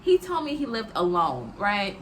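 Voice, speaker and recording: Bright-voiced young woman telling a story. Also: mid-range voice, huge pitch swings, normal speed, a little hiss or hum. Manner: chatty, peppered with "like", talks to viewers as "y'all". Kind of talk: casual storytime monologue.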